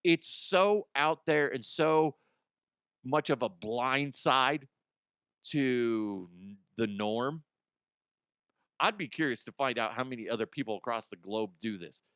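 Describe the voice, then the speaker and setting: A man's voice: mid-range voice, takes it slowly, a bit bright, smooth, no room sound, clean studio sound. A man hosting a comedy news show, ranting casually and profanely, rambling and acting out imagined people.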